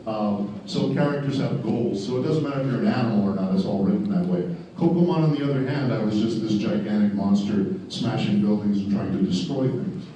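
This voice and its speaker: A man's voice: fairly low pitch, brisk, few pauses, dark tone, recorded from a distance, lo-fi sound. Chatty male voice actor in an echoey hall. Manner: candid, chatty and wry. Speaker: voice actor on a convention panel. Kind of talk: panel Q&A storytelling.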